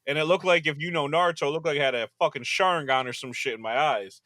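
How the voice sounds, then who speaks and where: A young man co-hosting a casual podcast, telling stories in an animated, profane way and loudly acting out quotes. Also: a little high, fast, no echo, studio quality. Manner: animated, profane storytelling with loud acted quotes. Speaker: podcast co-host. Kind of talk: casual chat.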